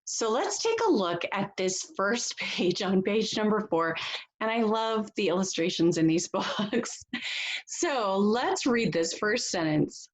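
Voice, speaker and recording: A woman teacher giving a read-aloud phonics lesson, reading slowly and deliberately and laughing softly now and then. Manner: slow, deliberate reading with lively pitch and soft laughs.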